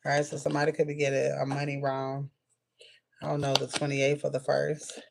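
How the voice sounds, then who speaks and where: Woman giving a blunt rapid-fire reading. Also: a bass voice, monotone, creaky, background noise. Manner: rapid-fire blunt messages, frequent "all right" and cursing. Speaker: spiritual reader. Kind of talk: casual intuitive reading to viewers.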